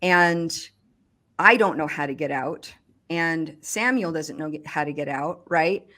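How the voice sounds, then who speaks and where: A woman recounting a personal experience in conversation, speaking haltingly with frequent restarts and fillers. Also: sits low, pushed and bright. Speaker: survivor giving testimony.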